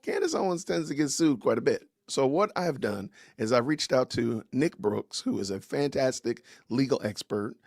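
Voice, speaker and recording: A man's voice: medium pitch, expressive, moderate pace, vocal fry, hardly any pauses, darkish tone, no echo, clean studio sound. A man hosting a casual livestream podcast, greeting viewers with slangy, upbeat phrases and introducing his guest. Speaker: podcast host.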